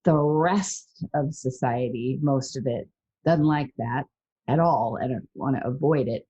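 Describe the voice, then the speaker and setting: A woman hosting a podcast in casual chat, earnest and animated, sometimes acting out what other people say. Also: rumbling low, measured pace, husky. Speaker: podcast host. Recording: dull lo-fi sound.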